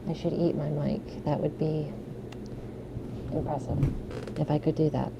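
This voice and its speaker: Woman ASMR streamer, low gravelly voice, slow unhurried talk, soft and apologetic, noisy home mic audio. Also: level tone, muffled recording. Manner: soft-spoken, apologetic and giggly. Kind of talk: casual live-stream chat. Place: home room with an air conditioner running. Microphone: studio microphone.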